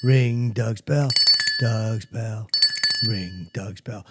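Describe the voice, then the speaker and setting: A man chanting a slow, repetitive sing-song podcast outro jingle. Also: fairly low pitch, heavy background noise.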